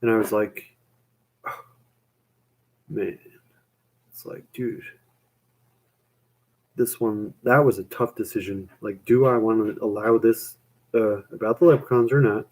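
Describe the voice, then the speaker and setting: A man's voice: lowish voice, fairly even intonation, moderate pace, a little mellow. A young man chatting on a live stream, rambling with lots of fillers and casual swearing.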